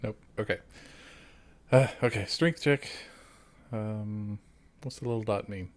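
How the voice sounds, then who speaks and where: A man's voice: fairly low pitch, measured pace, slight background noise. A man playing a character in a tabletop game, chatting playfully and laughing often. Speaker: player. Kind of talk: casual game chat.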